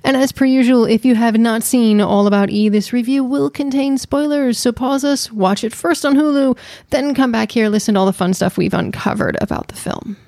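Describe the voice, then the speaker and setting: A woman's voice: on the high side, moderate pace, vocal fry, few pauses, darkish tone, no room sound. A woman co-hosting a podcast in casual, playful chat with her wife. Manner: playful, teasing, chatty. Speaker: podcast co-host.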